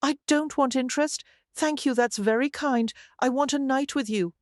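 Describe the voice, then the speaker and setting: A woman voicing an intense, arrogant young gentleman in an audiobook, speaking in an urgent, insistent way. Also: high voice, moderate pace, no echo, clean studio sound, voice pushed up, lightly acted.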